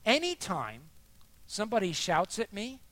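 A man preaching a sermon, expressive and emphatic, dropping soft and then rising for emphasis. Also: high voice, normal speed, no room sound.

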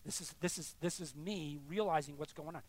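A middle-aged man preaching a sermon as pastor, emphatic, swinging between quiet confession and loud insistence. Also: a little high, fairly quick.

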